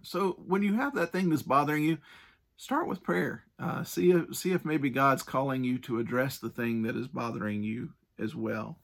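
A man's voice: mid-range voice, moderate pace, creaky, fairly bright tone. A man preaching a sermon in a conversational, earnest way, stressing his points and adding casual asides.

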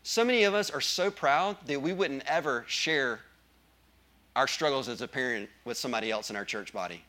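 A man's voice: medium pitch, fairly quick, bright, forceful tone. A male pastor preaching a sermon with emphasis, often asking the congregation questions.

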